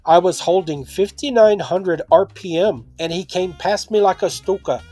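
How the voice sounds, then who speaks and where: A man's voice: sits high, moderate pace, mellow, faint music behind, voice pushed up. A man putting on a mock German accent to voice an indignant middle-aged German race driver complaining about being overtaken. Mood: indignant grumbling.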